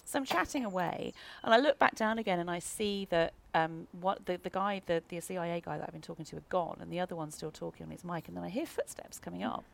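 A woman telling a lively anecdote in a casual podcast chat, often laughing and acting out what others said. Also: fairly low pitch, fast, vocal fry, hardly any pauses. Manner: lively anecdote teller, laughs often, acts out quoted voices. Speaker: guest.

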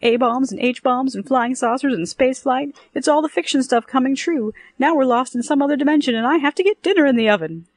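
A woman reading aloud and voicing an excitable, fretful housewife friend who talks in a shrill, breathless rush. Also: brisk, hardly any pauses, no room sound.

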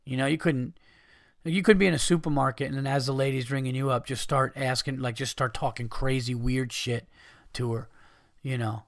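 A man's voice: mid-range voice, creaky, a bit bright, dry recording, studio quality. A man hosting a podcast, ranting in a profane, exasperated way. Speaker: podcast host. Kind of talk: casual ranting monologue.

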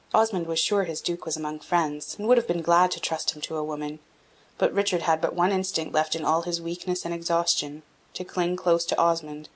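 A woman reading a classic children's novel aloud in even, measured narration. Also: fairly low pitch. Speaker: audiobook reader. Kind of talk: scripted narration.

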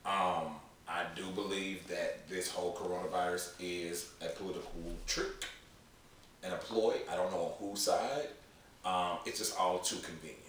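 A man co-hosting a casual podcast chat, rambling with halting restarts. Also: low-pitched, steady tone, a bit bright. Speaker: podcast co-host. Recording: echoey room, mic far off, faint noise.

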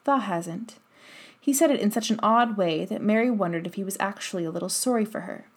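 A woman narrating a classic children's novel in an even storytelling manner. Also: medium pitch, fast talker, slightly rough. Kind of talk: audiobook narration.

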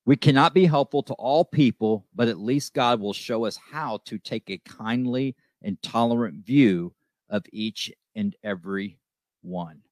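A man's voice: medium pitch, a little slow, no echo. Male host, recovery talk, earnest and emphatic, repeats himself for effect; dry close-miked sound. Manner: emphatic, repeats lines, says "okay?" often.

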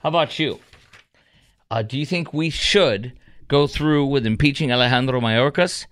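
A man's voice: mid-range voice, moderate pace, fairly bright tone. A man hosting a radio call-in show, talking emphatically and indignantly with plenty of fillers into a studio microphone. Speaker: radio talk show host. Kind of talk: talk radio commentary and call-in.

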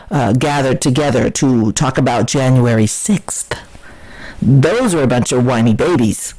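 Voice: mid-range voice, a little mellow, rough recording. A political commentator giving an opinionated solo commentary, emphatic and scornful, often repeating words and restarting sentences.

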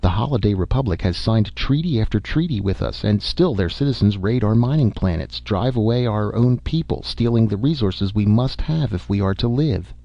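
A man's voice: on the low side, expressive, normal speed, gravelly, hardly any pauses, mellow, no room sound. A man voicing a withered old male alien envoy who pleads and grows bitter, on a dull, dry recording. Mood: pleading. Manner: pleading, rising to an outburst.

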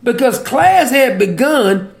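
This preacher has a high, creaky voice and speaks slowly in a sing-song way. His sermon feels chatty and playful, full of questions for the audience. He laughs softly at the points he makes.

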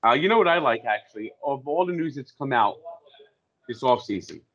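A man co-hosting a casual sports talk show, ranting and swearing with loud bursts. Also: medium pitch, lively intonation, brisk. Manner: ranting, profane, loud impressions. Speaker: podcast co-host. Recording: dull lo-fi audio.

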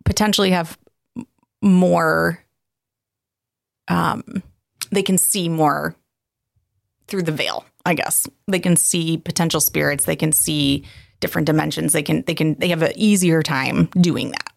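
Gravelly low-voiced woman telling stories. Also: a little slow, pauses often, no echo, studio quality. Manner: animated storytelling with frequent laughs. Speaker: podcast co-host. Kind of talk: casual chat.

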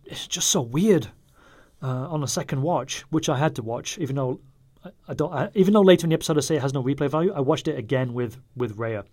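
A man's voice: medium pitch, lively intonation, quick pace, a little mellow. A man giving a casual solo review, rambling and wry, often stopping to correct himself. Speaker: podcast reviewer.

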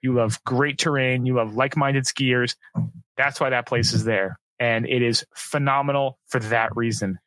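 Male podcast co-host, bright forceful tone, dry close sound, animated and opinionated casual chat. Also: mid-range voice, moderate pace, no room sound. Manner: animated, opinionated, enthusiastic about skiing.

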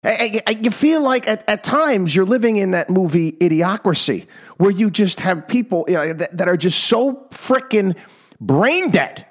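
A man hosting a talk program, ranting in an exasperated monologue that swings from loud outbursts to low mutters, in his fifties. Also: expressive, moderate pace. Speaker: radio talk show host. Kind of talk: opinionated monologue.

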